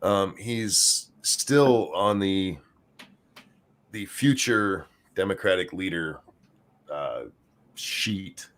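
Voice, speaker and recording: A man's voice: low voice, very slow, pauses often, fairly bright tone. A man co-hosting a casual talk stream, chatting in an offhand way with joking asides. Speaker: co-host. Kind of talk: casual podcast chat.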